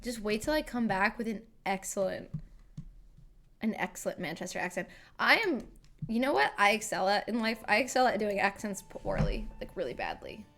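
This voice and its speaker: A woman's voice: mid-range voice, sing-song, normal speed, fairly bright tone. A woman streamer chatting casually and rambling as she reacts to videos. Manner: chatty, rambling, self-deprecating.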